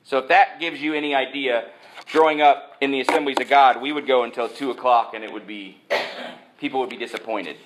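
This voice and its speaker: A man preaching a sermon, animated and joking, who jumps from point to point. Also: mid-range voice, brisk, a little hiss or hum. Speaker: pastor. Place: church sanctuary. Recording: echoey church sanctuary.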